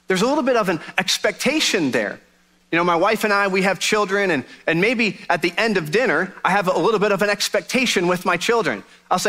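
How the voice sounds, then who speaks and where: Pastor guy preaching, kinda high voice, super lively storyteller. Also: brisk. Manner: animated joke-telling storyteller. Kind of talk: sermon.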